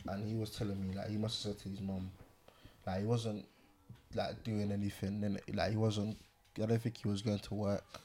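A man's voice: on the low side, flat delivery, brisk, dark tone, slight background noise. A young man, telling stories in a casual group chat, full of slang and tags like "innit". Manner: laid-back slang-heavy storytelling.

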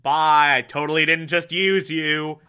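A cold female spy, as a man puts her on who brushes a man off with clipped goodbyes. Her voice sits bright and high, and her delivery is unhurried. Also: clear, resonant tone. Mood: dismissive. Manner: flat and dismissive.

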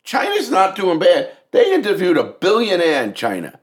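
A podcast co-host talking politics in casual chat, blunt and swearing a lot. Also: male voice, sits high, normal speed. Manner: blunt, heavy swearing, animated.

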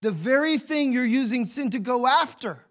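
A man preaching a sermon as pastor, telling the story with swings between hushed and loud emotional delivery. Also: very high voice, animated, moderate pace.

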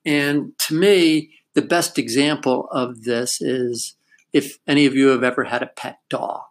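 A man's voice: medium pitch, steady tone, measured pace. An older man in casual chat, telling a family story in a reflective way and laughing now and then.

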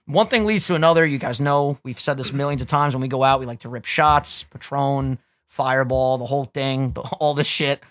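A young man co-hosting a casual podcast, telling profane stories in an animated way and getting loud and laughing at the wild parts. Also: mid-range voice, a little fast, dry recording, studio quality. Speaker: podcast co-host.

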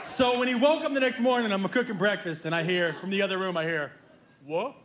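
A middle-aged man doing stand-up storytelling, animated and acting out his family members' voices. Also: sits high, fast talker, a crowd in the background, background noise. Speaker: stand-up comedian. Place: comedy stage before a live audience.

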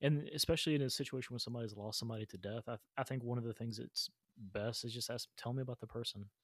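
A podcast host talks quickly in a thoughtful, supportive way. The voice sits at a medium pitch. The recording is dry and close. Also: no room sound. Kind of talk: conversational interview.

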